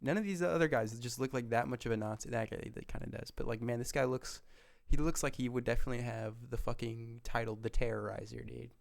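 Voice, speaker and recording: A man's voice: mid-range voice, fast, creaky, hardly any pauses. A man giving casual, profane commentary while playing a strategy game, mostly laid-back muttering with sudden outbursts. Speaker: gaming streamer.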